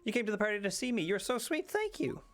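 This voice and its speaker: A man's voice: high voice, sing-song, quick pace, pitched above the performer's own voice. A sugary princess, as a man puts her on. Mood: sweet. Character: sweet young princess, gracious and polite.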